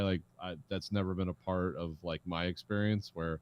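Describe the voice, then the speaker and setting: A man's voice: low-pitched, moderate pace, clean tone, no echo, muffled recording. A man co-hosting a casual movie podcast, rambling with hesitant restarts and acting out little quotes. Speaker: podcast co-host.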